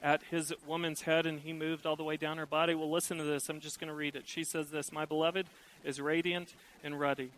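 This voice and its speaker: A middle-aged man preaching a sermon, lively and acting out the voices he quotes. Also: a little high, fast, hardly any pauses, rough recording. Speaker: pastor.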